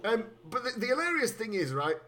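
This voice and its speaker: A man from Britain recaps a film in casual chat, his voice high and his tone bright. He is animated, swears freely and often stumbles and restarts his sentences. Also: brisk.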